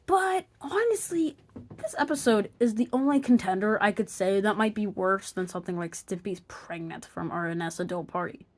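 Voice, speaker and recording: A woman's voice: medium pitch, expressive, moderate pace. A woman narrating an opinion review of cartoon episodes, sarcastic and exasperated, sometimes dropping to a mutter.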